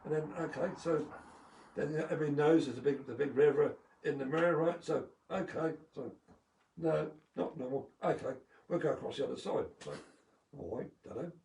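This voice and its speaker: A man's voice: a little high, brisk, vocal fry, a little mellow. A man, a former motocross champion, telling rambling anecdotes full of fillers and chuckles on a live video call. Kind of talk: casual storytelling. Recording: echoey room, distant mic, faint noise.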